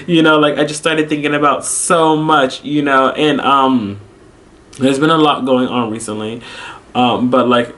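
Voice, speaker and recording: A young man, an English teacher, telling a personal story in a casual vlog, animated and full of fillers, acting out his own reactions. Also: on the high side, measured pace. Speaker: vlogger, English teacher abroad.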